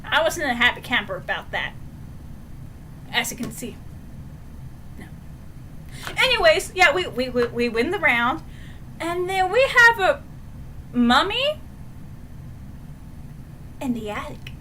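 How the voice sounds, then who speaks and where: A high-pitched woman talks through a book in a casual review, her voice bright and sharp. She gets excitable, acting out scenes with shouts and sound effects. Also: slow pace, pauses often, a little hiss or hum.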